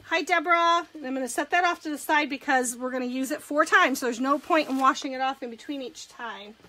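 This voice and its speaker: Speaking a little fast in a high, sharp-toned voice, this woman is heard on a rough recording. She's a craft demonstrator and direct sales consultant leading a chatty live demo, greeting viewers and going through each step as she crafts.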